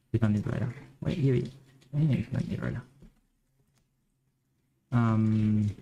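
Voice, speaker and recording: A man's voice: medium pitch, creaky, a little mellow, slight background noise, low-quality recording. Rambling Western Australian man, thinking aloud. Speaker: game developer streamer. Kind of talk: live coding stream chat.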